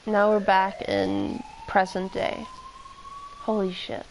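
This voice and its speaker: A woman's voice: mid-range voice, expressive, takes it slowly, slight background noise, poor audio. A woman streaming a video game, reading the text aloud and then musing casually, with some swearing.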